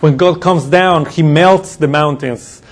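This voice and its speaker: A man preaching a sermon, explaining scripture in a loose teaching way with pauses and self-corrections. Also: on the high side. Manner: uses slides while teaching.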